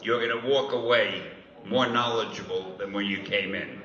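A man's voice: lowish voice, steady tone, normal speed. An older man talking at a panel in a playful, self-mocking way. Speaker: panel guest. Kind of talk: joking panel talk. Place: large convention hall with audience. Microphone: stage mic at a distance. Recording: echoey hall from far off, dull sound, loud crowd.

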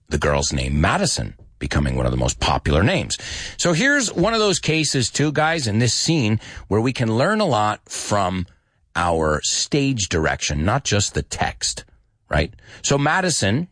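A man teaching English with movie scenes, acting out lines in a lively voice and adding short glosses. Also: dry recording, studio quality. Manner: lively, acts out quoted lines in higher pitch, mixes in Spanish glosses.

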